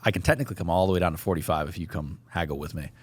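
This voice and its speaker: A man's voice: deep voice, rapid-fire, husky, dry recording. A man co-hosting a podcast, explaining in casual, matter-of-fact chat with some swearing. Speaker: podcast co-host.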